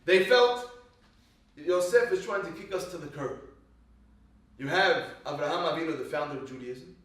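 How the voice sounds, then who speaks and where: A fairly high-voiced man teaches a Torah class to a small live group, spinning animated stories and firing questions at the listeners. He sounds far from the mic in a very echoey room. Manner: animated storytelling, quizzes the audience.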